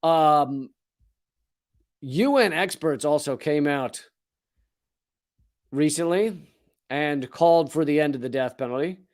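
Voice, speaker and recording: Give me a sardonic, profane man delivering a comedic political monologue, his voice pitched a bit high. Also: takes it slowly, long pauses. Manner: sardonic, profane, riffing with asides. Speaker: comedian and political commentary host.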